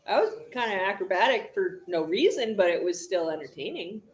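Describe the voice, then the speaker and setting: A woman's voice: mid-range voice, lively intonation, brisk. A woman hosting a livestream, chatting casually and reacting with exasperation as she watches a football game. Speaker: livestream host. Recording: roomy echo.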